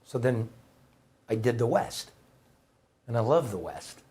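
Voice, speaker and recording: In an unhurried, expressive mid-range voice with a darkish tone and a breathy edge, a middle-aged man tells heartfelt stories. He is a guest who formerly reported for a newspaper, and he talks conversationally in a rambling, emphatic way.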